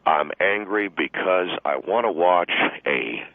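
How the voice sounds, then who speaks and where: A man's voice: low-pitched, animated, slow pace, creaky, no room sound, pitched below the performer's own voice, heavily acted. A man voicing an irritable middle-aged football coach who rants indignantly about wives at games, heard over a phone line. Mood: defensive. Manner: blustering, indignant ranting.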